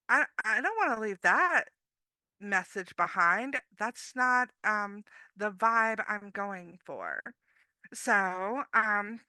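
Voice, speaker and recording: A woman's voice: on the high side, clean tone, no echo. A woman giving an upbeat, chatty motivational talk as a guest speaker, often acting out what others say. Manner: upbeat, chatty, quotes others in lively voices. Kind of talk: motivational talk, casual and personal.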